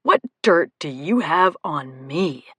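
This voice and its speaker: A woman's voice: low voice, lively intonation, takes it slowly, a bit bright, slightly rough, no room sound, full character voice. A woman voicing a cocky young male doctor who teases playfully in an audiobook romance. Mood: smug teasing. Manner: smug, playful teasing.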